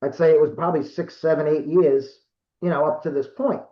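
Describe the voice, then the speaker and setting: A man's voice: fairly high pitch, steady tone, fairly quick. Rambling fiftyish man on a roomy call. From Rhode Island, USA. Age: 50s. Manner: rambling, self-correcting, lots of fillers. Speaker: guest. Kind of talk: casual storytelling. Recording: roomy, dull lo-fi call audio.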